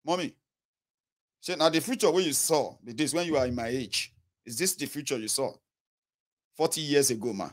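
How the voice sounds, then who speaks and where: A man's voice: mid-range voice, moderate pace, pauses often. A man in his thirties with a Nigerian Yoruba accent, giving an earnest, pleading political monologue straight to his viewers and slipping into Pidgin. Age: 30s. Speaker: political commentator. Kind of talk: impassioned direct-to-camera monologue.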